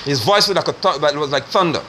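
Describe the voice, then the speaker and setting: Fiery preacher, high and lively. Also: male voice, brisk, a little hiss or hum. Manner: forceful, scolding, preaching. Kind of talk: fiery online sermon.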